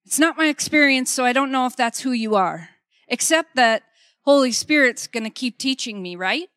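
Middle-aged woman preacher, high-ish voice, emphatic and repetitive, conversational sermon, dry close sound. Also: expressive, moderate pace, a bit bright, smooth, no room sound. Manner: emphatic, repeats key phrases, checks in with "okay?".

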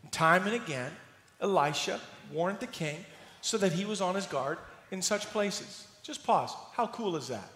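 A man preaching a sermon as pastor, telling the story in an animated, playful way and acting out scenes. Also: sits high, a little slow, slight background noise. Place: church sanctuary. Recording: roomy hall reverb.

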